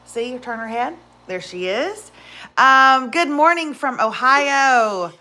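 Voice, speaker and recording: A chatty woman in her forties is hosting a livestream from home. Her voice is bright and sits a little high. Her pitch swings widely as she greets viewers by name. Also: lively intonation, slow pace. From Texas. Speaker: livestream host. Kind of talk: casual livestream chat. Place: indoors at home.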